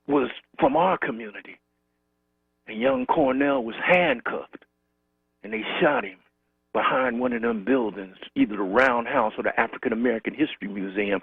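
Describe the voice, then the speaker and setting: A man's voice: mid-range voice, gravelly, breathy edge, no room sound. A man calling in to a talk show, remembering a friend in rhythmic, repetitive storytelling. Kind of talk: call-in tribute remembrance. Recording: tinny phone line.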